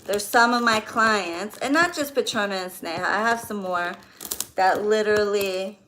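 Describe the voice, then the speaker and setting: A woman's voice: mid-range voice, normal speed. A woman who does readings for clients, chatting casually and gushing in a vlog as she unboxes gifts. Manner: chatty, gushing, squeals when excited. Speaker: spiritual reader for clients. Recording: crinkling packaging noise.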